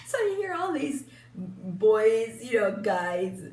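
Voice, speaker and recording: Older woman rambling slowly in a roomy space. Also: a little high, animated. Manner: rambling and chatty, many fillers and restarts, laughs often. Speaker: beauty vlogger. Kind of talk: casual chat while doing makeup. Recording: roomy, distant mic, faint hum.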